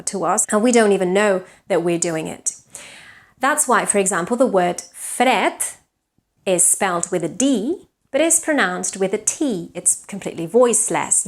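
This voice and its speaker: A woman with a Catalan accent, a native Catalan speaker, giving an online English pronunciation lesson, slowing down to model words and often checking in with her learners. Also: medium pitch. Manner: clear, deliberate teaching, slows down to model words, frequent check-ins like "yes?".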